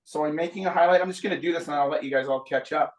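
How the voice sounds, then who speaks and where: A painting instructor gives a live lesson, chatting and explaining each step as he paints. His voice is fairly high and very fast, and the room adds a noticeable echo.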